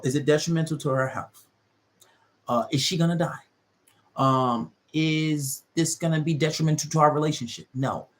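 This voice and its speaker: A man hosting an advice channel, lecturing his audience in an emphatic, repetitive monologue. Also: a little high. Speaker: relationship advice host.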